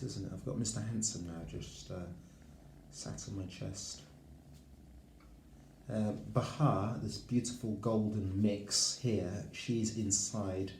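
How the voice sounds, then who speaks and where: A man's voice: lowish voice, darkish tone, slight background noise. A man rambling casually to camera as a vlogger at his rural home, chatty and giggly. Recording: roomy echo.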